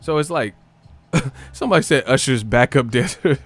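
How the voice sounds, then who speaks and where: A man's voice: medium pitch, sing-song, normal speed, long pauses, no echo. A man hosting a livestream, joking profanely and laughing often. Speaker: livestream host. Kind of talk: casual commentary.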